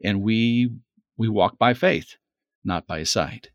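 A man's voice: lowish voice, slow, no room sound, clean studio sound. A man in a conversational Bible discussion, speaking in an earnest, reflective way and repeating words for emphasis. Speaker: Bible teacher.

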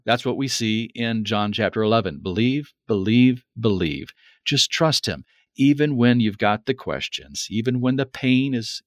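A man's voice: medium pitch, no echo, lo-fi sound. A man in a conversational Bible discussion, speaking in an earnest, reflective way and repeating words for emphasis. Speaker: Bible teacher.

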